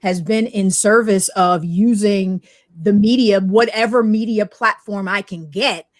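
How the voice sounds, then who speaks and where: A middle-aged woman guest telling her career story in an animated way, acting out the voices in her anecdotes. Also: medium pitch, unhurried, no room sound, studio quality. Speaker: guest, technology media expert. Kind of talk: storytelling interview talk.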